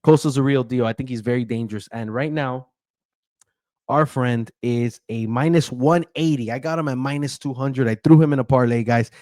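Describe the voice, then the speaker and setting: A man with a medium-pitched, darkish voice speaks at normal speed with no echo. Hosting a casual fight-betting breakdown as a betting analyst, he talks loosely, says um often, and stumbles over fighters' names.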